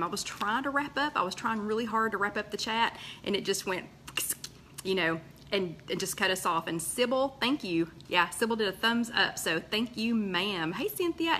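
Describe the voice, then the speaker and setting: A woman's voice: medium pitch, pushed and bright, slight background noise. A woman hosting a casual live stream, chatting and greeting viewers by name with plenty of fillers. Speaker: host of a live weight-loss chat.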